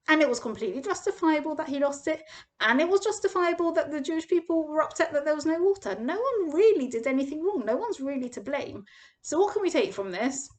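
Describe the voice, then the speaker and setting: A young woman, teaching a weekly Torah portion lesson and acting out the quoted voices with big swings. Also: quick pace. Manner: animated storytelling, acts out quoted voices with big pitch jumps. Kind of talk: expressive parsha lesson.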